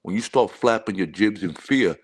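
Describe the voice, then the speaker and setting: A man's voice: lowish voice, expressive, moderate pace, husky. A man calling into a show, taunting and confrontational in a heated argument. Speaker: caller.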